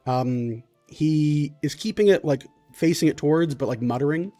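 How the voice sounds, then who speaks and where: A man narrating a tabletop game as the game master, describing scenes with frequent pauses and restarts. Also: fairly high pitch, warm tone, soft background music.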